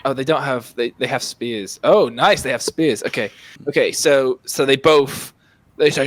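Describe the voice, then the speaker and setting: A man's voice: mid-range voice, measured pace. A man running a tabletop game as dungeon master, setting scenes in a chatty way and often restarting his phrases. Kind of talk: casual tabletop game narration.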